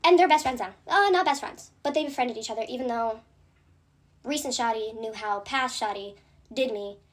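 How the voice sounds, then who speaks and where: A young woman telling a storytime rant, fast and indignant, full of fillers and swearing. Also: a little high. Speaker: content creator.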